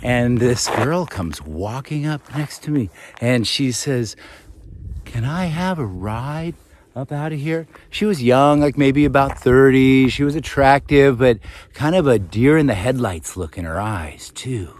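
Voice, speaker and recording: A man casually telling a rambling story to camera outdoors in a forest, chatty and quick to laugh. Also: mid-range voice, a little mellow. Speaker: vlogger.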